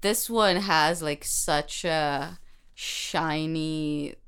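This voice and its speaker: A woman's voice: low-pitched, a bit bright, smooth. A woman co-hosting a casual movie podcast, playful and joking, with lots of fillers. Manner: playful, quick jokes, frequent fillers. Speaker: podcast co-host.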